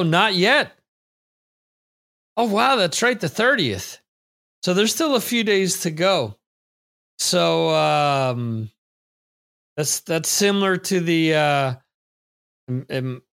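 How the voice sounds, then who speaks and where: A man with a slightly high voice hosts a live trivia stream from a home setup. He talks slowly and rambles in a relaxed way as he chats and reads out viewer comments. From United States. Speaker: trivia show host. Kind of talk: casual live-stream chat. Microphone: computer microphone.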